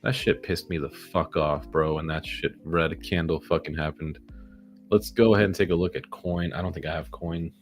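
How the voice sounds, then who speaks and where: Deep-voiced man narrating his stock trades. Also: normal speed, faint music behind. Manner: excitable, swearing, talks to the chart. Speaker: day-trading vlogger. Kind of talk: casual live trading commentary.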